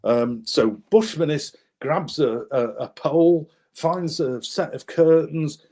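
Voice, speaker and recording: Slow and a little high, this man's voice carries an animated wartime tale he shares as a guest author, pointing to maps along the way. He voices the characters himself, and his speech is full of fillers and false starts.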